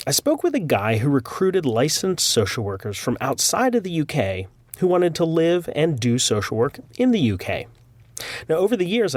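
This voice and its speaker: A man's voice: medium pitch, dry recording. A man hosting a podcast, talking in a friendly, conversational way with light jokes. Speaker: podcast host. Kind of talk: casual podcast monologue.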